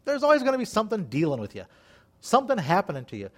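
A man's voice: high voice, wildly swooping pitch, very fast. A man preaching a sermon as pastor, folksy and joking, reading scripture aloud between his comments. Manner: folksy and joking, laughs at his own asides.

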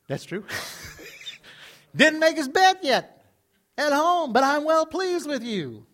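High-voiced male preacher with big swings. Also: sing-song, slow pace, long pauses. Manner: conversational, dramatic swings between loud and quiet. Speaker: pastor. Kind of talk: sermon.

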